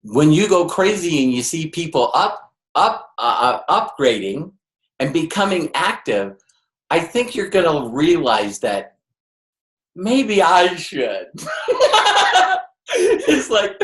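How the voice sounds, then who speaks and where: In a high-pitched, somewhat bright voice, a man gives a motivational network marketing talk to a live audience. He's forceful in his emphasis, full of rhetorical questions, and mimics the voices he quotes, while the space adds a roomy echo.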